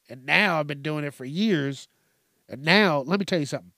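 A man's voice: on the high side, brisk, bright, forceful tone, no room sound, studio quality. A young man hosting a comedy podcast, ranting in a rambling, profane way and laughing at his own jokes. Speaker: podcast host.

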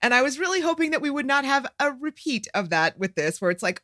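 A woman's voice: high voice, sing-song, quick pace, sharp tone, no echo, clean studio sound. A woman co-hosting a casual movie chat, talking eagerly and giggling often. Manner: enthusiastic, giggly. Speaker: co-host.

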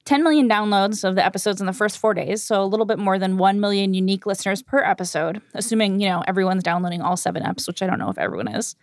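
A woman co-hosting a podcast in casual chat, wry and quick to laugh. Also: medium pitch, no echo, studio quality. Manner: chatty and wry, laughs often. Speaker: podcast co-host. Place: shared recording room.

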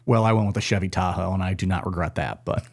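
A man's voice: sits low, fast, creaky, a little mellow. A man co-hosting a podcast, chatting casually and joking, swearing freely. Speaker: podcast co-host. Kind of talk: casual chat.

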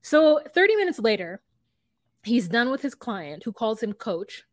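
A woman's voice: fairly high pitch, big pitch swings, a little slow, no room sound, clean studio sound. A woman co-hosting a podcast, retelling a scene in casual chat and acting out both sides of it. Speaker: podcast co-host.

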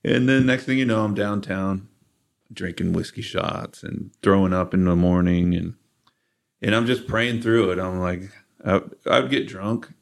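Gravelly low-voiced man telling his story. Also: a little slow. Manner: candid, animated in quoted asides. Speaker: guest, rock guitarist. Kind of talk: casual storytelling. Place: studio.

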